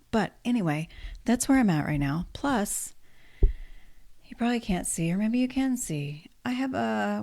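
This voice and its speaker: A woman's voice: fairly low pitch, gravelly, a little mellow. A woman in her fifties chatting candidly to camera, tired, self-deprecating and sarcastic at times. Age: 50s. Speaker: vlogger. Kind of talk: casual chat to camera.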